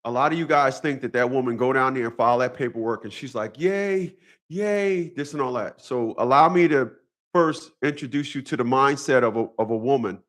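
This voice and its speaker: Talking directly to his viewers, a vlogger delivers a casual, profane and repetitive monologue with a preachy storytelling style. His mid-range voice is fairly bright and fairly quick.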